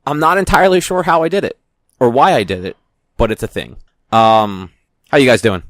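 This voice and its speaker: A man's voice: mid-range voice, brisk, no room sound. Rambling young man hosting a podcast. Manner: rambling, self-correcting. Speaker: podcast host. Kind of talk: casual podcast chat. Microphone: studio microphone.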